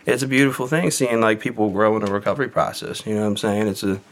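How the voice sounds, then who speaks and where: A man with a voice on the low side talks at a quick pace as a guest on a podcast about recovery. An adult with kids, he chats casually and candidly, rambling with lots of fillers and the occasional swear word.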